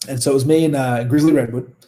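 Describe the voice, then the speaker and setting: A man's voice: mid-range voice, fairly even intonation, fast, warm tone. A man with an Australian accent, a wrestler telling stories in a casual interview, rambling, laughing often and swearing freely. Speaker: guest wrestler.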